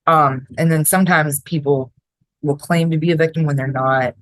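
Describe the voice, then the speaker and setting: Blunt, low-voiced woman podcast host. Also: fairly even intonation, normal speed, dry recording, poor audio. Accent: mix of New York and Southern. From Florida. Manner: blunt and direct, swears freely. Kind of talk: casual advice podcast.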